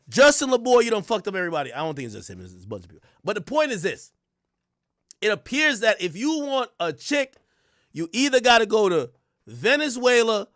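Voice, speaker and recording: Male streamer, casual crude commentary to chat; lively pitch, dry booth sound. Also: no echo. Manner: crude, animated ranting with frequent laughs. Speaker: livestream host.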